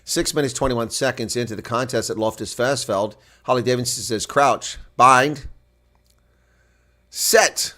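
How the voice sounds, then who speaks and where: A man calls a rugby match live from his home setup, narrating each phase in play-by-play commentary. His voice sits in a middle pitch. He turns excitable, loud and high when a big play breaks. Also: a little fast, hardly any pauses.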